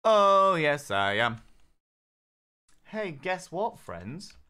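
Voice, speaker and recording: A young man streams a game and talks straight to his chat. His banter is cheeky, teasing and full of swearing, and his voice has a bright, forceful edge. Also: mid-range voice, lively intonation, moderate pace. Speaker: gaming streamer. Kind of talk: casual live-stream commentary.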